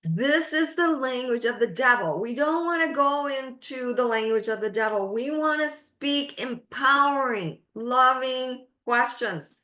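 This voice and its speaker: This is a woman life coach teaching a masterclass at an unhurried, deliberate pace. Her voice sits somewhat high and she leans on each phrase. The room around her gives a noticeable echo. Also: lively intonation, sharp tone. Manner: slow, emphatic, drawn-out phrasing. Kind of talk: webinar coaching talk.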